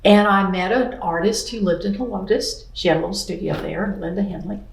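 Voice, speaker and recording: A woman's voice: medium pitch, brisk, gravelly. Earnest middle-aged woman telling her story. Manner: earnest, many "I mean" asides, acts out quoted speech. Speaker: interview guest, painter. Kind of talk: personal storytelling in an interview. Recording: roomy echo.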